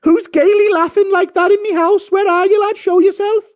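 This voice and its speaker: A man's voice: extremely high pitch, steady tone, moderate pace, voice pushed up. A man putting on the voice of a bewildered English lad searching his house. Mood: baffled. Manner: puzzled, calling out into the house.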